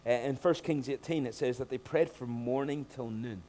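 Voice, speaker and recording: A man preaching a sermon, talking in an animated way and rising to loud emphatic bursts when he acts out scenes. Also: medium pitch, moderate pace. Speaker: pastor.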